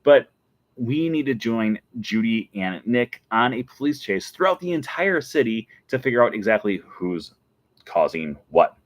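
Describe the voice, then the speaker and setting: A man hosting a casual vlog, telling an excited story and breaking into laughter again and again. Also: mid-range voice, a little slow, no room sound. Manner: giggly, keeps breaking into laughter. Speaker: show host.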